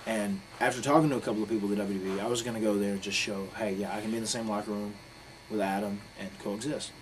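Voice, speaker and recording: A man speaks in a fairly low voice, words tumbling out quickly. He is blunt and profane as he recounts a heated personal story in a candid interview, with faint noise behind him. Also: fairly even intonation, low-quality recording. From North Carolina. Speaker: interviewee, professional wrestler.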